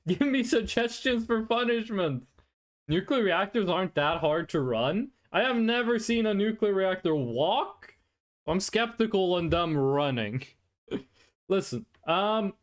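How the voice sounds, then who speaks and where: Chill streamer chatting w/ chat, unhurried, pitch jumping all over, laughs easy. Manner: playful, chatty, quick to laugh. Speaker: VTuber streamer. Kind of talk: casual live-stream chat with viewers.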